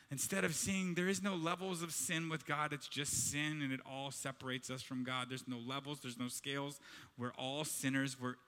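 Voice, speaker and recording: Bright high-voiced preaching man. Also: big-room sound. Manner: animated, conversational preaching with acted-out quotes. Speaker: pastor. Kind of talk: sermon.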